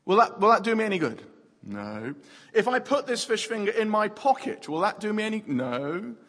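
A man's voice: high voice, sing-song, moderate pace, fairly bright tone. A man preaching a playful sermon to a family audience, using props and repeating words as he talks. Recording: long hall reverb.

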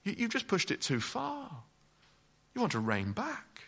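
A man's voice: high voice, wildly swooping pitch, a little slow, vocal fry, fairly bright tone, husky, voice pushed up, heavily acted. A male preacher voicing a sly devil who coaxes and insinuates doubts. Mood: coaxing. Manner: coaxing, insinuating.

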